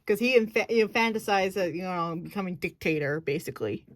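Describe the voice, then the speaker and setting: A woman's voice: on the low side, expressive, a little fast. A woman casually explaining her acting technique. She thinks aloud, searches for words and corrects herself as she goes. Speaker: acting student.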